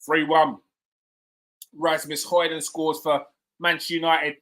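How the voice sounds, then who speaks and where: A man hosting a live football watchalong, reacting excitedly, shouting at players and swearing. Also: fairly high pitch, takes it slowly, pauses often.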